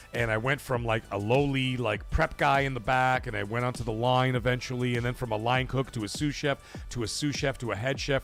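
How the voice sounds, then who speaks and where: A middle-aged man hosting a livestream in casual chat, animated and swearing, loudly thanking donors. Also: on the low side, vocal fry. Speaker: livestream host.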